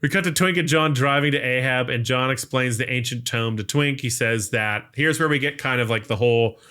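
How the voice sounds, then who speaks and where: A man on a podcast walks through a film's plot scene by scene in a loose, rambling recap full of "like" and "um". His voice is bright and sharp, with a smooth, crisp clarity. It sits at an ordinary pitch for a man. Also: a little fast. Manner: rambling, filler-heavy retelling. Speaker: podcast host. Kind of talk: casual movie recap.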